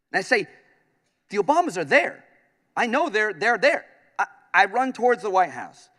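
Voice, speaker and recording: A man from upstate New York working as a radio host, giving a comedic speech in a large conference hall and acting out his own lines as he tells stories. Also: sits high. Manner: animated storytelling, acts out his own lines. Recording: long hall reverb.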